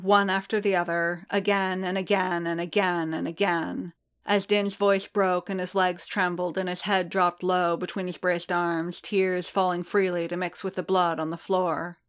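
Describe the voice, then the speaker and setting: A woman narrating a story in a slow, measured, even reading. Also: fairly low pitch. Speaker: audiobook narrator.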